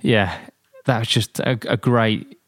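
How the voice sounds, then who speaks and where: A man, a guest and military veteran, telling anecdotes in an animated way with many fillers and restarts. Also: on the low side, takes it slowly, dry recording, clean studio sound. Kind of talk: storytelling in a podcast interview.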